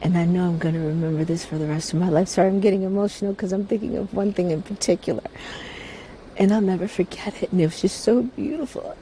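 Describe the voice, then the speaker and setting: Soft-spoken woman with a mellow voice. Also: lowish voice, slight background noise, poor audio. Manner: soft-spoken, heartfelt, halting restarts. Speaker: interview guest. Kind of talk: casual interview.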